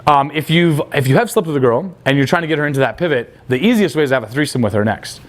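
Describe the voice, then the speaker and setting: A man's voice: a little high, lively intonation, fast. A young man coaching on dating, blunt and crude, acting out quoted dialogue. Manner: blunt, casual, crude slang. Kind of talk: coaching talk.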